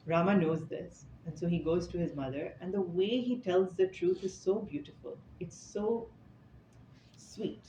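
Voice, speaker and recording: A man's voice: high-pitched, normal speed, few pauses, mellow. Man giving a casual, echoey scripture talk. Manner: conversational storytelling with casual asides. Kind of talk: informal scripture talk to a live group. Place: indoor talk room with an audience. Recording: echoey, slightly dull room recording with faint noise.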